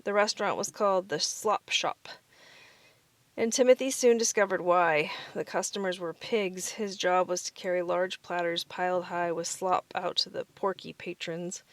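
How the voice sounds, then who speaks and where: A woman's voice: fairly low pitch, steady tone, moderate pace, no room sound. Woman reading a children's storybook. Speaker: storybook reader. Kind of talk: reading a children's picture book aloud.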